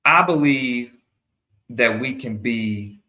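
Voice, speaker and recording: A man's voice: medium pitch, slow, pushed and bright, echoey room. A man hosting his own show, giving earnest opinion commentary in a monologue and often repeating and restarting his phrases. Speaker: show host.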